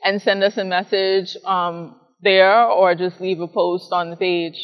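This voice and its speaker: A woman's voice: lowish voice, little pitch movement, highs cut off. Explanatory woman in a reverberant hall. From Bahamas. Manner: measured, explanatory, ends points with "right?". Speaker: guest, psychologist and professor. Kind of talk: interview answers.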